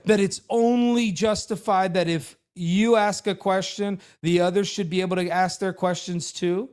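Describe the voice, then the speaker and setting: A man hosting a show, giving sarcastic, animated commentary on a debate to his live chat. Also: sits high, a little slow. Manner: sarcastic, animated, mocking impressions. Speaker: show host reviewing a debate.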